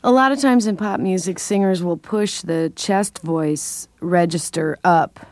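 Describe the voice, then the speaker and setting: Older woman jazz singer, low dry voice. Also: measured pace, a little mellow, dry recording. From California. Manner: thoughtful, explanatory, laughs often. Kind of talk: interview conversation.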